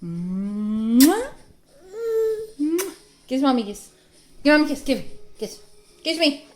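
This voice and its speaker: A woman's voice: high voice, very animated, slow pace, darkish tone. A young woman filming her baby at home, coaxing him in a sing-song voice. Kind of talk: home video baby talk.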